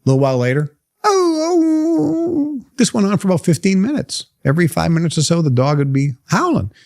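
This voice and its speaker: A man's voice: fairly high pitch, expressive, fast, a little mellow. A man giving an emphatic motivational talk to a live group, firing off rhetorical questions. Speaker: motivational seminar speaker.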